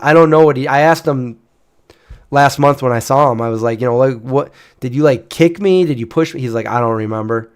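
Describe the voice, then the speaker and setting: A man in his forties telling a personal story in a casual, rambling way, full of restarts and fillers. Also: mid-range voice. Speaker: channel host.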